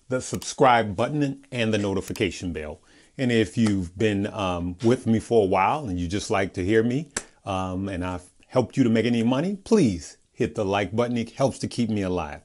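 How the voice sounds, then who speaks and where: A man with a fairly low voice talks through stocks in a casual, chatty way. He keeps checking in with his viewers and restarts his phrases as he goes. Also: a little mellow. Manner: chatty, often checking in with "all right?" and "okay?"; conversational, with frequent restarts. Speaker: stock market video host. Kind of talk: casual video commentary.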